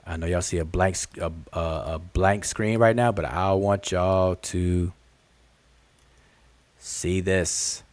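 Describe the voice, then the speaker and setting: A man's voice: low-pitched, slow, no room sound. A man hosting a live-stream lesson, talking straight to his viewers with lots of repetition and direct questions. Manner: animated, repetitive, calls out "look, look" to viewers; addresses the audience as "y'all" and "family". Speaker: host teaching on a live stream.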